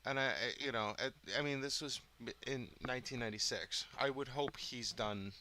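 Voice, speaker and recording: A man with a bright, forward voice casually reviews a comedy special for his channel. He hedges often and fills pauses with ums and uhs. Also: medium pitch, a little hiss or hum. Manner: hesitant, hedging, with many fillers. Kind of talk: casual commentary.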